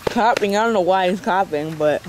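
A young man giving excited, laughing casual commentary on an amateur wrestling match, exclaiming and counting pins. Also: high-pitched, brisk. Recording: noisy amateur outdoor recording.

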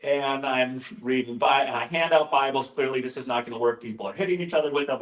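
A man's voice: on the high side, steady tone, fairly quick. A male pastor giving an informal, conversational talk, often interrupting himself with asides and jokes. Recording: roomy echoing room.

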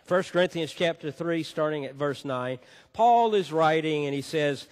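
A male pastor preaching to his congregation with emphatic storytelling. His voice sits a little high for a man and rolls out through a long sanctuary reverb. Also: normal speed. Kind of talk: sermon. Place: church sanctuary.

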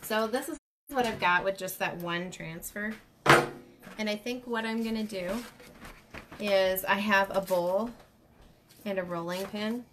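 A woman's voice: mid-range voice, unhurried, pauses often, noisy background. A woman hosting a casual craft demonstration, chatting and greeting viewers by name as she works. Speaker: craft livestream host.

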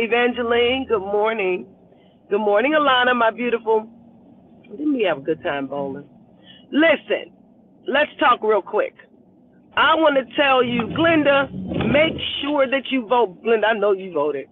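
A woman's voice: a little high, very animated, measured pace, no room sound. A woman hosting a casual live stream, greeting viewers one by one by name and laughing often while urging them to vote. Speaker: livestream host. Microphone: phone camera held at arm's length. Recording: tinny phone-like audio.

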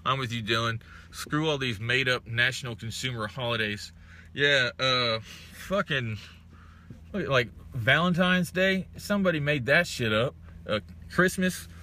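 Young man, casual vlogger, bright edgy voice, profane exasperated rants. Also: medium pitch, measured pace, a little hiss or hum. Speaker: vlogger reading live chat. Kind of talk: ranting casual smoke-break chat.

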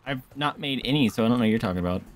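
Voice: mid-range voice, animated, racing. A gamer in casual banter on a co-op stream, teasing the partner and swearing freely. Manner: joking, teasing, frequent swearing.

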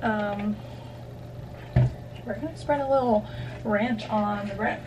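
A woman's voice: medium pitch, slow pace, far from the mic, background noise. A young woman chatting casually to the camera at home in a vlog, rambling with lots of fillers. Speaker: vlogger.

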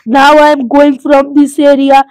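A young woman with a Bangladeshi accent, a native Bengali speaker, chatting excitedly in simple English while vlogging outdoors at a bird enclosure. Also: sits high, measured pace, no room sound, poor audio. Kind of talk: casual travel vlog. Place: outdoor bird enclosure at a safari park, in rain.

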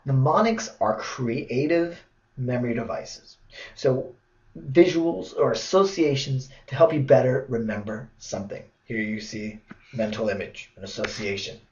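A man teaching a video lesson, telling goofy stories in a playful, animated way. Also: mid-range voice, measured pace. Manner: playful storytelling, animated asides. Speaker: test prep tutor. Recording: roomy, dull lo-fi sound.

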